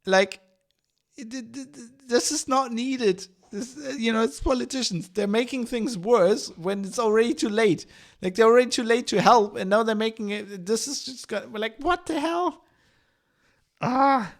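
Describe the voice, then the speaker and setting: A man's voice: extremely high pitch, moderate pace. A man hosting a podcast, ranting in an exasperated, profane way with many restarts and fillers. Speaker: podcast host.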